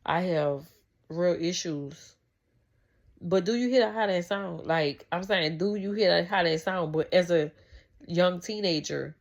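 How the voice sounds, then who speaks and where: A woman's voice: lowish voice, unhurried, gravelly, highs cut off. A woman vlogger talking casually about faith and family, rambling and heartfelt, with many restarts. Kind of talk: casual faith talk to camera.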